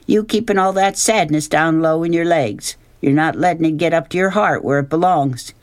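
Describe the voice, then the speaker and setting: A man's voice: fairly high pitch, moderate pace, no room sound, studio quality, pitched above the performer's own voice, close to an everyday voice. A man voicing a tall, blunt, wise woman who works as a motel maid, with drawling folksy speech, in a storybook reading. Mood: soothing.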